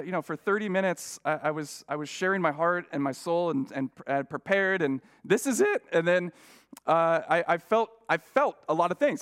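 High-voiced man preaching conversationally. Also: fairly bright tone. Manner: storytelling with frequent restarts and self-deprecating asides. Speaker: guest preacher. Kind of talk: conversational sermon.

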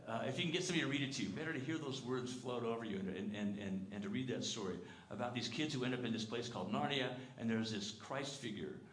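Preaching in a church, a man speaks with earnest, conversational warmth, questioning the congregation and sometimes stumbling as he repeats words. His voice is medium in pitch, quick, and has few pauses. The sanctuary gives the recording an echoey sound.

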